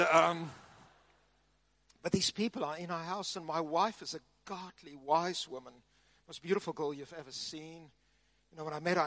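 High, bright preacher. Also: male voice, no room sound. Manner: animated, humorous storytelling. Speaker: pastor. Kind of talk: sermon.

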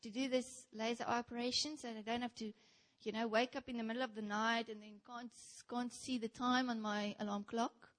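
A woman's voice: a little high, fairly quick, few pauses. A young South African woman giving a sermon in a church, telling stories and speaking straight to her listeners. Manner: animated storytelling, addresses the congregation directly.

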